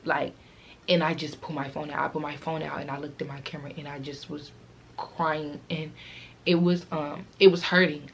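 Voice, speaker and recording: A woman's voice: deep voice, creaky, a little hiss or hum. A teenage girl vlogger telling a casual, rambling storytime, fighting back tears as she talks.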